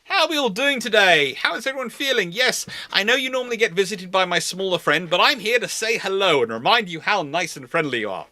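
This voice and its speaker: A man's voice: sits high, expressive, brisk, few pauses, pushed and bright, dry recording, pitched above the performer's own voice, full character voice. Man doing a chirpy, sugar-sweet warship. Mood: sweetly menacing. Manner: falsely friendly, sing-song. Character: chirpy, sugary-polite warship, a light cruiser.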